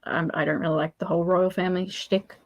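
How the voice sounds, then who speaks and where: A woman's voice: lowish voice, level tone, quick pace. A woman chatting casually, telling stories and laughing often. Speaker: podcast host. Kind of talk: casual chat.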